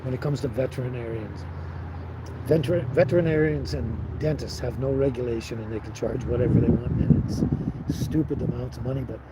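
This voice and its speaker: A man's voice: mid-range voice, a little fast, very noisy. A man hosting a casual live stream, rambling and chatting with viewers by name. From Canada. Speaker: livestream host.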